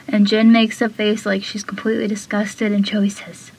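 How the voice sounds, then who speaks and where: A woman's voice: medium pitch, monotone, moderate pace, hardly any pauses, a little mellow, slightly rough, rough recording. A woman hosting a casual episode recap, chatty and full of fillers, slipping into whispery asides and laughing between lines. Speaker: show recap host.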